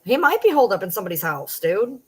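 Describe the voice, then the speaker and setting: A woman of about forty from Michigan's Detroit downriver area, a social media personality, chats bluntly and swears a lot to viewers on a late-night livestream. Her mid-range voice is very animated, fast and slightly rough, and the recording quality is low.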